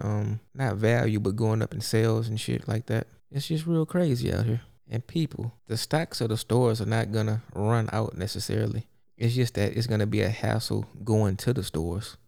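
A man hosts his own podcast and rants straight through, blunt, exasperated and full of profanity. His voice is dark and mellow, with a gravelly, creaky edge. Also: mid-range voice. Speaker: podcast host. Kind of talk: solo podcast rant.

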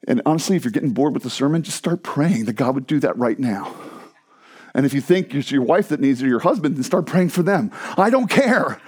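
A man's voice: medium pitch, fairly quick, husky. A male pastor preaching a sermon, laughing with the congregation and dropping from strong exclamations to near-whispers. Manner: animated preaching, swinging from loud exclamations to quiet near-whispers.

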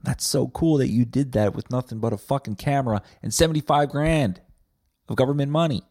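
A man's voice: medium pitch, brisk, darkish tone, no room sound, studio quality. A man hosting a podcast, ranting in a crude, heavily profane casual monologue. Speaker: podcast host.

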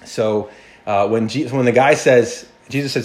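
A male pastor preaching a sermon in an animated, conversational way, often restarting and acting out quotes. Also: mid-range voice, measured pace.

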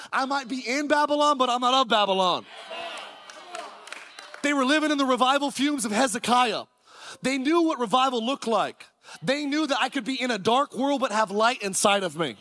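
Man, pastor, sermon, very high pitch, energetic, shouts, rhetorical questions. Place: church sanctuary.

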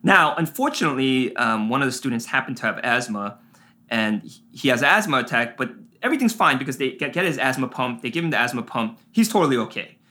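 A man, a pastor, preaching a sermon and telling a personal story in an animated way, full of fillers and asides. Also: medium pitch, quick pace.

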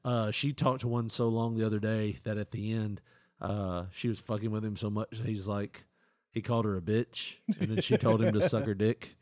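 A man's voice: on the low side, fairly even intonation, normal speed, darkish tone, no room sound, studio quality. A man co-hosting a casual comedy podcast, joking crudely and laughing often. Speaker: podcast co-host.

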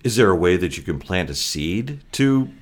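A man's voice: sits low, sing-song, moderate pace. A man hosting a podcast interview, asking questions in a friendly, encouraging way. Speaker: podcast host.

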